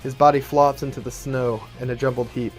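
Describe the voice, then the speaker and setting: A man narrating his own fan-written action script, brisk and matter-of-fact, at an even, middling pitch. Soft guitar music sits faintly behind him. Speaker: storyteller.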